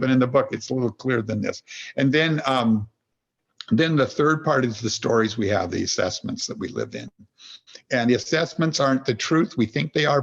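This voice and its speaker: The recording is lo-fi, and the man's medium-pitched voice carries vocal fry. As a podcast guest and executive coach, he shares his ideas through everyday examples, talking earnestly and meandering in a reflective, conversational way.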